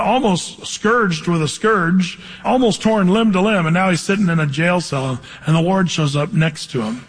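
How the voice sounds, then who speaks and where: High-voiced husky male pastor. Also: big-room sound. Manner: conversational, reads scripture aloud and asks the congregation questions. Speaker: pastor teaching a Bible study. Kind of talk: verse-by-verse sermon.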